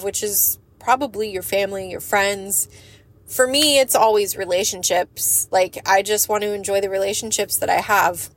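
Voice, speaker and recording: A woman's voice: medium pitch, steady tone, moderate pace. Woman vlogger, candid monologue; frank, earnest, rambling, casual swearing. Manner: emotional and earnest. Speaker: lash business owner and vlogger.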